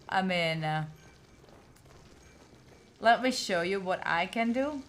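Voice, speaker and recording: A woman's voice: mid-range voice, expressive, slow pace, long pauses. A young woman with an Italian accent, a native Italian speaker, chatting casually through a game stream and talking to the characters on screen. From Italy. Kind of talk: casual gaming stream commentary.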